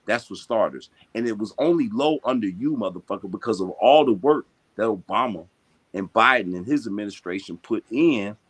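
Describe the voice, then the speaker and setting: Man ranting profanely on a podcast. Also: lowish voice. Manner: profane, animated, slangy, emphatic. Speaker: boxing podcast host. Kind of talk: heated casual podcast rant.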